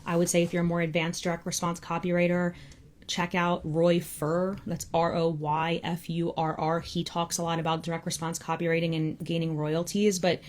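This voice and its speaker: A young woman hosts a live Q&A as a freelance copywriting coach, her voice sitting a little low. She talks in a loose, conversational way, filling her sentences with "like.". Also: monotone, normal speed, darkish tone. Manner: casual, conversational, peppered with "like". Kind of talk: live Q&A session.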